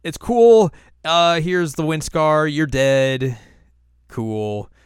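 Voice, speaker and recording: A man's voice: fairly high pitch, extremely slow, clear, resonant tone, dry recording, studio quality, pitched above the performer's own voice. A man voicing a brash young male half-demon hero in a cocky, blunt way.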